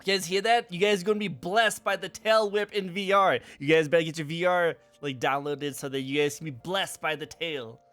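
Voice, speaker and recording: A man hosting a livestream interview with an eager, excitable manner, often turning to address his chat. His voice sits a bit high for a man, and soft music runs in the background. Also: a little fast, few pauses, no room sound. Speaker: interview host. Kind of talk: casual stream interview.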